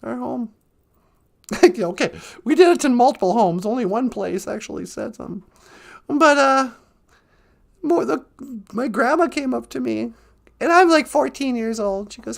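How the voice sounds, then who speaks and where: Woman host spinning a funny story, high lively voice, bit of gravel, laughs a lot. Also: normal speed. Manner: chatty, laughs a lot, acts out quotes. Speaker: podcast host. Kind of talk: comic storytelling. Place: outdoors by a lake.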